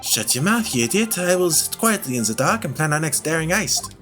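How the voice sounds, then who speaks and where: A man's voice: fairly high pitch, big pitch swings, a little fast, fairly bright tone, faint music behind, pitched above the performer's own voice. A man voicing a bumbling, boastful thief in a game, with a clumsy put-on French-Italian accent. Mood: blustering. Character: bumbling redheaded male thief, boastful and cowardly.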